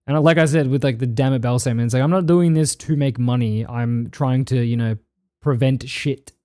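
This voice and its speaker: A man's voice: mid-range voice, fairly quick, mellow. A man with an Australian accent, streaming and chatting casually with his viewers as he reads their messages aloud, blunt and swearing freely. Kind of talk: casual chat reading live chat.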